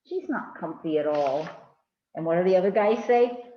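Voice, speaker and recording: A woman reading a picture book to children at a library storytime, chatting with the kids in animated asides. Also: on the low side, normal speed, roomy sound, muffled recording. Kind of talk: children's read-aloud.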